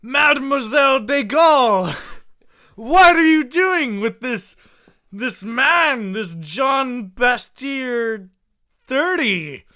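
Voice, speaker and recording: A shrill, outraged French president, put on by a man shouting in a high, bright voice. He talks in an over-the-top caricature of indignation. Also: lively intonation, extremely slow, heavily acted. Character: outraged middle-aged male French president.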